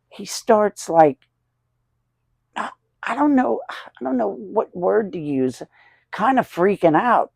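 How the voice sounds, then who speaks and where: A man's voice: high-pitched, very animated, takes it slowly, vocal fry, pauses often, dry recording. A man in his sixties telling rambling, chuckling anecdotes as the host of a casual collector vlog.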